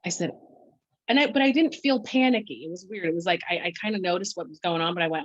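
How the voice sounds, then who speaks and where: A woman with a lowish voice tells her own story in conversation, stopping and restarting, quoting what she said to herself. The sound is dull and lo-fi, and quite dry. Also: no echo. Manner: halting, full of restarts and quoted self-talk. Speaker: podcast guest.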